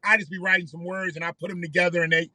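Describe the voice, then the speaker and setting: High, sharp-voiced man ranting casually. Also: level tone, rapid-fire, no room sound. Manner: rambling, profane, repeats himself. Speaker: livestream host. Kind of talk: casual live-stream commentary.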